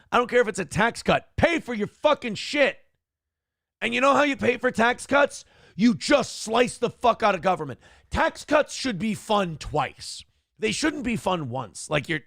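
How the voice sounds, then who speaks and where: A man's voice: high-pitched, vocal fry, no echo, studio quality. A man hosting a live-streamed morning talk show, ranting profanely about politics and thanking viewers for donations. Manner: loud, profane, worked-up ranting. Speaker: livestream talk show host.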